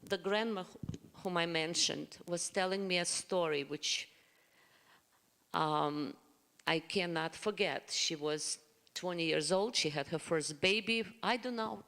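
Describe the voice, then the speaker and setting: A woman's voice: on the low side, a little slow, vocal fry, fairly bright tone. A woman panelist from the former Soviet Union, sharing a personal story in a thoughtful, hesitant way. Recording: long reverb of a hall.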